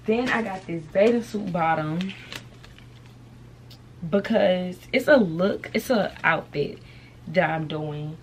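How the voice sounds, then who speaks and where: A woman's voice: fairly low pitch, slow pace, long pauses, slight background noise. A young woman chatting casually to her camera at home, full of slang and "y'all". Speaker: vlogger.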